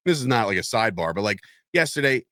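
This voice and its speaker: A man's voice: lowish voice, big pitch swings, fast, sharp tone, no room sound, clean studio sound. A man in his thirties co-hosting a casual wrestling podcast, swearing freely and acting out quotes. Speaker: podcast co-host. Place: podcast studio.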